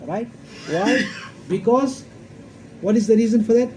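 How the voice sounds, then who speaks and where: A man's voice: very high-pitched, measured pace, darkish tone, slight background noise, rough recording. A man giving an emphatic religious lecture, quoting Arabic verses and asking rhetorical questions. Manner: emphatic, repeats points, quotes Arabic verses. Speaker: Islamic scholar giving a talk.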